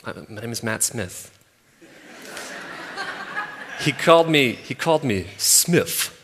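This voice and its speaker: A pastor in his thirties delivering a sermon with a mid-range voice, pressing points by repeating phrases and swinging between loud bursts and quiet asides. A long reverb from a large hall hangs on his words. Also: mid-range voice, expressive, slow pace, slight background noise.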